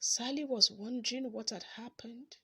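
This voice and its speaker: A woman reading a children's story aloud in an expressive, dramatic storytelling manner. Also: fairly high pitch, moderate pace, slightly rough.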